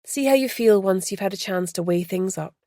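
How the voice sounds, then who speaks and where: A woman voicing a kind, soft-spoken bookshop owner. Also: medium pitch, a little fast, no echo, clean studio sound, lightly acted. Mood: calm.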